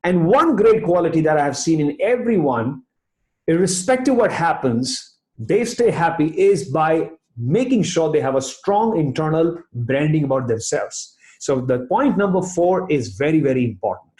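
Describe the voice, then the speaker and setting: A man's voice: on the high side, sing-song, moderate pace, a little mellow. A man giving a rousing, emphatic motivational talk and telling a story to his listeners. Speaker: motivational speaker. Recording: roomy echo.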